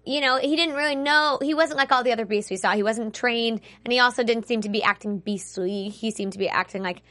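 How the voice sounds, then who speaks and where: A woman's voice: a little high, fairly quick, a bit bright. A woman co-hosting a casual chat about a TV show, earnest and opinionated, thinking aloud with frequent fillers. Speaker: podcast co-host.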